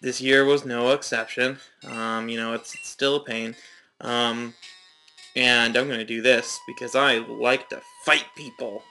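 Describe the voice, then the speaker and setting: A man's voice: mid-range voice, flat delivery, measured pace, bright, forceful tone, soft background music, rough recording. A young man giving rambling, chatty, self-mocking commentary while he plays a game. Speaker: let's play host. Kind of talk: casual gameplay commentary.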